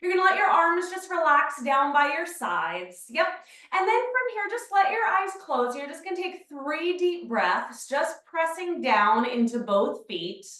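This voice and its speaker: A woman teaching a beginner Pilates class, calmly talking the listener through each movement step by step. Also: high-pitched, measured pace. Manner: calm step-by-step movement cues. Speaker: Pilates instructor. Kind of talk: guided exercise class. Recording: very echoey room, mic far off.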